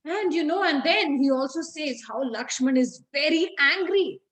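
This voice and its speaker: High-voiced woman telling a story to children. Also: animated, moderate pace, fairly bright tone, poor audio. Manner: conversational, many fillers, asks the class questions.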